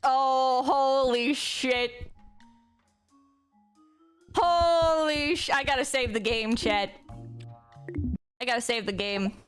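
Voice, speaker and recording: A woman streaming a game, chatting casually with her viewers and bursting into excited squeals and laughter. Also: high-pitched, takes it slowly, long pauses, clear, resonant tone, soft background music. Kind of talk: casual gameplay commentary.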